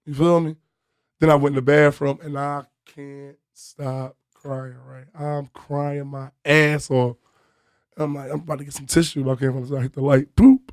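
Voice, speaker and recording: A man from Philadelphia, a comedian guest telling a story on a podcast in a lively way and acting out the voices of the people in it. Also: a little high, normal speed, no room sound, clean studio sound. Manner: animated storyteller who acts out voices, bursts into loud laughter.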